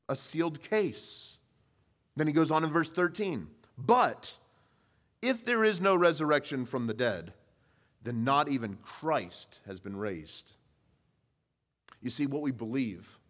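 A male pastor preaching a sermon, pushing his voice up for emphasis with rhetorical questions, then dropping low and quiet. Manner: rises in pitch and volume for emphasis, then drops low.

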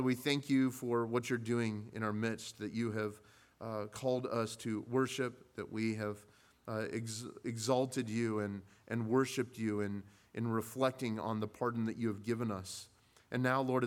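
A man leading a congregational prayer in church, speaking haltingly with frequent pauses. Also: medium pitch, fairly even intonation. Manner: halting, with many pauses and fillers. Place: church sanctuary.

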